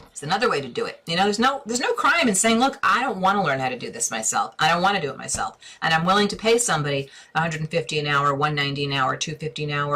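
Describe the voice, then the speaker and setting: Bright-voiced woman hosting a live Q&A. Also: deep voice. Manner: chatty and encouraging, bursts of excitement. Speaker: interior design coach hosting a live Q&A. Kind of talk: casual live-stream advice.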